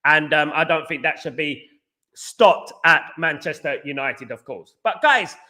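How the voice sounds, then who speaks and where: A man's voice: fairly high pitch, animated, a little slow, sharp tone. A man hosting a casual football opinion show, talking animatedly and repeating himself, often calling his viewers "guys". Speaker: podcast host.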